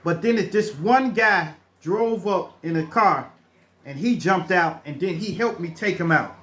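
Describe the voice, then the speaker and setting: A man's voice: high voice, measured pace, fairly bright tone. A middle-aged man telling true stories in a casual, rambling way, restarting his sentences and acting out the people in them. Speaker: storyteller. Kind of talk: casual spoken storytelling.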